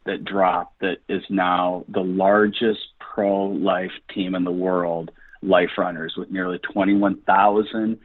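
On a dry phone line, a male radio guest who founded a ministry speaks slowly in a low voice with little pitch movement. Still, his talk is enthusiastic, earnest, and preacher-like in its encouragement.

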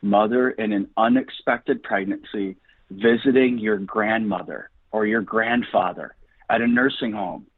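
A man's voice: fairly low pitch, steady tone, unhurried, slightly rough, no echo. A man guest on a radio interview, talking earnestly and encouragingly like a preacher. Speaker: guest, ministry founder. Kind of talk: enthusiastic radio interview talk. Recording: dry phone-line audio.

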